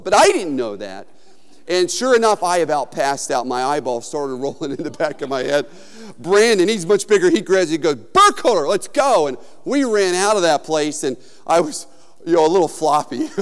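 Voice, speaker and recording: Male pastor, conversational sermon delivery, smooth tone, reverberant sanctuary. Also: sits high. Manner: conversational, storytelling, with frequent fillers.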